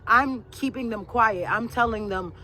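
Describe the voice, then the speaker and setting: A woman's voice: on the high side, unhurried, pushed and bright, a little hiss or hum. A woman vlogger giving casual, emphatic advice to camera, repeating her points in a preachy way. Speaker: lifestyle vlogger. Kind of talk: casual motivational talk to camera.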